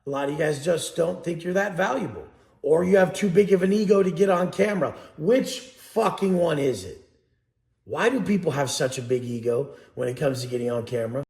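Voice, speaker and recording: Gravelly, profane motivational man. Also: a little high, brisk, darkish tone, reverberant. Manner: blunt, swearing, preachy. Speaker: motivational speaker and coach.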